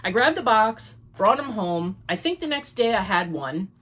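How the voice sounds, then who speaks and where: A woman's voice: mid-range voice, very animated, moderate pace, fairly bright tone. An older American woman, rambling chattily as she hosts a crafting podcast. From United States. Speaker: podcast host. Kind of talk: casual chat.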